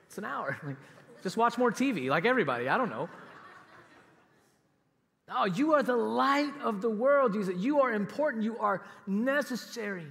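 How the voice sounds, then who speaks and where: High-voiced man preaching in a hall. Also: animated, moderate pace, gravelly, fairly bright tone. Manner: emphatic, conversational, with laughs and asides. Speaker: pastor. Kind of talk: sermon. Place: church auditorium.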